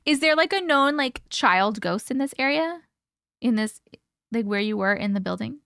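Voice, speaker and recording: A woman's voice: on the high side, expressive, normal speed, gravelly, fairly bright tone, dry recording, studio quality. A woman hosting a live stream, chatting casually with viewers, swearing freely and laughing often. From part Italian heritage, American. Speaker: host reading viewer stories.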